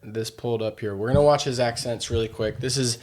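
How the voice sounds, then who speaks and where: A man's voice: medium pitch, steady tone, fairly quick, darkish tone. A man co-hosting a podcast in casual chat. He teases his co-host drily and keeps steering the conversation along. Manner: dry, teasing, steers the talk.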